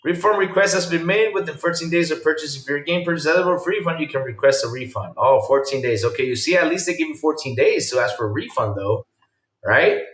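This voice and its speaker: A man hosting a casual live-streamed podcast, reacting with loud exclamations and reading viewer chat aloud. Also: fairly high pitch, animated, fast talker, roomy sound, recorded from a distance.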